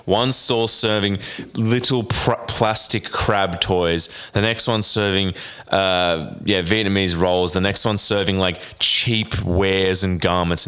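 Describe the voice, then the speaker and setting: A man's voice: low voice, a little slow, pushed and bright, clear, resonant tone. A man co-hosting a casual podcast, swearing freely and laughing as he tells a rambling story. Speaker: podcast co-host. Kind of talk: casual chat.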